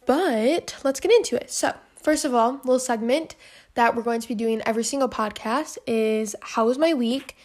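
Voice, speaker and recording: A woman's voice: on the high side, normal speed, darkish tone. Breathless chatty young woman podcaster. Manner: chatty, rambling, self-deprecating. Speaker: podcast host. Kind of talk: casual solo podcast chat.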